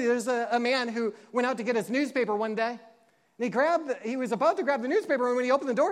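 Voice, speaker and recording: Animated man preaching a sermon. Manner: animated storytelling, acts out quotes with big pitch jumps; drops soft and slow for emotional moments. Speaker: pastor.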